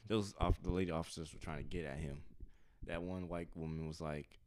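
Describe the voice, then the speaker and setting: A man co-hosting a podcast in casual chat, animated, laughing often and jumping into high squeaky voices when retelling scenes. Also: fairly quick, clear, resonant tone, dry recording. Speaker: podcast co-host. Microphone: studio mic.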